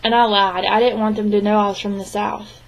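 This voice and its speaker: A young woman interpreting a signed interview into spoken English, speaking in short, halting phrases with restarts and frequent throat clearing. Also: medium pitch, level tone, low-quality recording. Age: young adult. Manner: clears her throat often. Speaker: sign language interpreting student.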